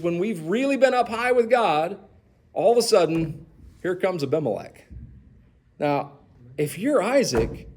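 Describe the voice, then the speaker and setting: A man leading a church Bible study, animated and asking the group questions. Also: high voice. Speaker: pastor.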